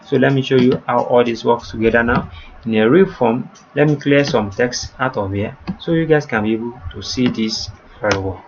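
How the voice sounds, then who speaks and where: Male coding tutor, patient and repetitive, mid-pitched voice, slightly muffled lo-fi recording with faint background noise. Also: moderate pace. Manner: repetitive step-by-step explaining, addresses viewers as you guys.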